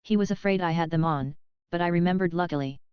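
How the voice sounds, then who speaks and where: A woman reading the part of a gentle, vague elderly Englishwoman in an audiobook. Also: on the low side, fast, smooth, dry recording, highs cut off, natural voice. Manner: mild, musing.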